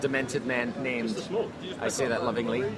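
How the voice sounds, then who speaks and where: A man co-hosting a podcast in animated casual chat outdoors, repeating phrases for emphasis. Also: mid-range voice, normal speed. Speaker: podcast co-host. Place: busy city street outdoors. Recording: outdoor street crowd noise. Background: passing crowd and traffic.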